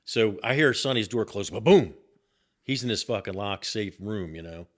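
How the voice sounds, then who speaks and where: An older man telling a story on a podcast in an animated, profane way and repeating himself as he goes. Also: fairly low pitch, normal speed. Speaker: guest, host's father.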